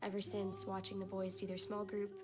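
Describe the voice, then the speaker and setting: An actress playing an earnest young female dancer in a teen drama, in a flat, steady voice. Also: mid-range voice, fairly quick, natural voice.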